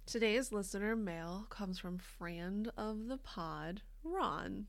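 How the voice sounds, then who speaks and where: A woman's voice: medium pitch, expressive, slow, vocal fry. A woman co-hosting a podcast in casual chat, playful and jokey, reading listener mail aloud. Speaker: podcast co-host.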